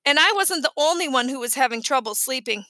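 A woman narrating a first-person children's audiobook in a lively, expressive storytelling manner, recorded close on the mic. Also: high voice, quick pace, no room sound.

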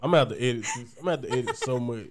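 A man's voice: medium pitch, lively intonation, very fast, a crowd in the background. A man co-hosting a podcast in casual chat, rambling and joking, laughing often. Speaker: podcast co-host.

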